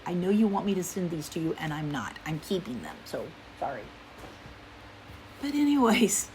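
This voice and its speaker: A woman's voice: on the high side, expressive, normal speed. Woman, middle-aged, chatty home vlogger, rambles with fillers, faint room hiss behind. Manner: talking quietly at times. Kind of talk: casual haul video chat.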